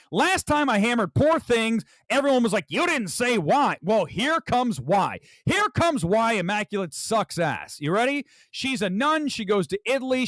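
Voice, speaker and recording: During a livestreamed movie review chat, the host, a man with a high voice, rants in an animated way and reads viewer super chats aloud. The recording has no room sound.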